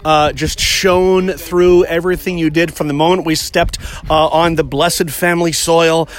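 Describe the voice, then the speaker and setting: A man's voice: a little high, flat delivery, unhurried. A man hosting a food and travel show, talking enthusiastically and effusively with many fillers. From Arizona, USA. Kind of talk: on-location travel interview.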